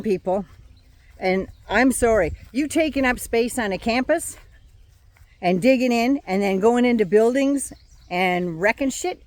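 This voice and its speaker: A woman's voice: mid-range voice, no echo. An older woman ranting on her vlog, blunt, indignant and sarcastic. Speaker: vlogger.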